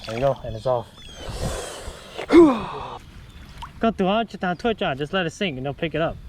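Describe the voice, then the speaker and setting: A young man filming his fishing trip on a creek, talking casually and excitedly, repeating his exclamations and calling his friends bro and dude. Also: a little high, fast. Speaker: fishing vlogger. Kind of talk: casual outdoor fishing commentary. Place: outdoors on a creek. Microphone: action camera. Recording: outdoor camera audio with loud water noise.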